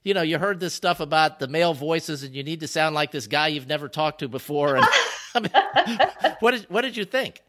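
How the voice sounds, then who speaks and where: A man hosts a podcast in easy, casual conversation. His voice sits a little high and rings bright and forward. He talks emphatically and breaks into laughter easily. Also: lively intonation, normal speed. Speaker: podcast host.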